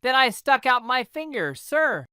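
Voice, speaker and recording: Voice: high-pitched, sing-song, measured pace, pushed and bright, clean tone, no room sound, studio quality, voice pushed up, heavily acted. A reader voicing a cheeky servant who pretends innocence, in a storybook reading for English learners. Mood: mock-innocent. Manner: mock-innocent.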